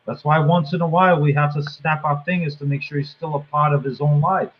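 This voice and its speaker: A man's voice: fairly high pitch, fairly even intonation, fairly quick, lo-fi sound. A man in a casual live chat, teasing the others in playful banter.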